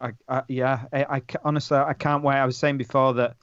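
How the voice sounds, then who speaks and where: A man's voice: mid-range voice, little pitch movement, a little fast, fairly bright tone, clear, resonant tone, no room sound. Host guy, heartfelt and emotional, dry muffled lo-fi audio. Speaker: podcast host. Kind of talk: casual chat. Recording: dry, dull lo-fi recording.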